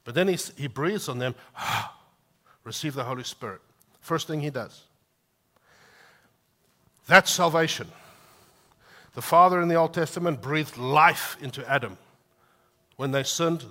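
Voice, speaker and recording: A man preaching a sermon, lively and animated, acting out quotes from scripture. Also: a little high, unhurried, long pauses. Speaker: pastor.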